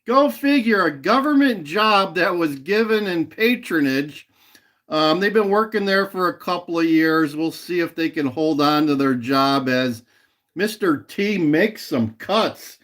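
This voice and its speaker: On the high side and animated, this man's voice moves a little slowly with a fairly bright tone. He's a livestream host in casual conversation with viewers, rambling, laughing often and repeating a catchphrase.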